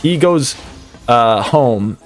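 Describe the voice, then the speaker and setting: A male streamer casually telling a story in an animated, rambling way, full of fillers. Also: mid-range voice, extremely slow, faint music behind.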